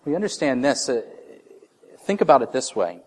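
A man in his thirties delivers a sermon in a relaxed, conversational way. His voice sits at a middle pitch, and he often restarts phrases as he works through his ideas. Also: moderate pace. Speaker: pastor.

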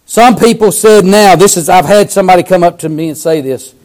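A man preaching a sermon, fervent, swinging from loud cries to hushed lines. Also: high-pitched, brisk.

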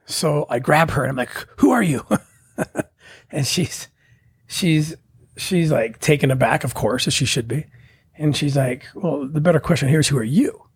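A middle-aged man telling a personal story in a casual, animated way, acting out the voices of the people in it. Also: on the high side, moderate pace, breathy edge. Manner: animated, acts out quoted voices. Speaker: guest telling his story.

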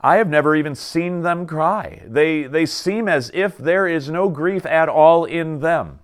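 A middle-aged man preaching a sermon, reflective and pausing to let his points sink in. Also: a little high. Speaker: pastor.

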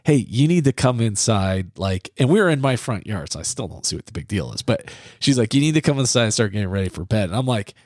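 A middle-aged man from the US Midwest, co-hosting a parenting podcast and telling a self-deprecating childhood story in a casual, animated way. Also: fairly low pitch, fast, hardly any pauses, no room sound, studio quality.

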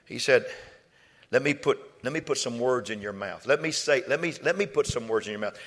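A male preacher, delivering a sermon through stories. He repeats his words and swings from soft storytelling to loud, high exhortation. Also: fairly quick, big-room sound. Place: church.

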